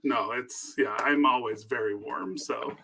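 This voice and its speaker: A man's voice: medium pitch, measured pace, gravelly, crowd noise. A man co-hosting a livestream, joking and playful as the entertainer. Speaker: livestream co-host. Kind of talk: casual livestream chat.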